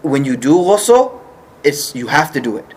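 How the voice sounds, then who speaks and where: A man's voice: medium pitch, very animated, unhurried, breathy edge. A man teaching an informal religious study class, explaining patiently and checking often that the group follows.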